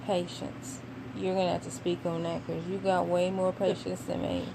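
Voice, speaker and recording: A young woman with a Southern US accent from Tennessee, chatting casually and emphatically on a vlog, with fillers and pauses. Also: on the low side, level tone. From Knoxville, Tennessee, USA. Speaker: vlogger. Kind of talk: casual chat. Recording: home recording with clear background noise.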